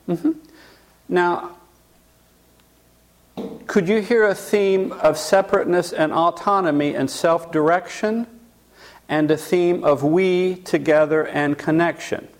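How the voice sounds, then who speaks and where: A man's voice: high voice, slow, pauses often. A man teaching a class, telling a case story and then asking the audience questions. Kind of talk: storytelling lecture.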